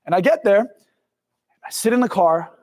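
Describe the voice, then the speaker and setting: A motivational speaker with a notably high voice tells a personal story with lively animation, playing out his own past words. His voice rings with a long reverb, as if he stands in a large hall. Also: moderate pace. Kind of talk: storytelling talk.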